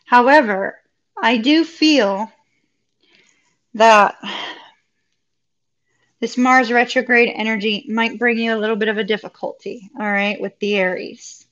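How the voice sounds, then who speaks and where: A chatty woman reads tarot cards live for her viewers. She gushes, repeats her praise and breaks into laughter, her voice sitting a little high. The sound is dull and lo-fi. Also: measured pace, long pauses, a bit bright. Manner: effusive, upbeat, chatty with frequent laughs. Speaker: tarot reader. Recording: dull lo-fi recording.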